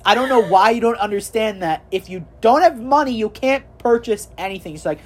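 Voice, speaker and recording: A woman's voice: on the high side, expressive, brisk, husky. A young woman co-hosting a casual chat, telling a family story with a lot of swearing and exasperation. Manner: profane, exasperated, mimics relatives in quotes.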